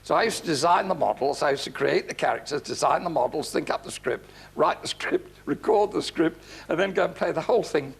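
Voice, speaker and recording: Older male guest, gravelly and husky, swinging pitch; a lively, chuckling raconteur. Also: brisk, few pauses. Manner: lively storyteller, chuckles often. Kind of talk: anecdotal chat. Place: TV studio.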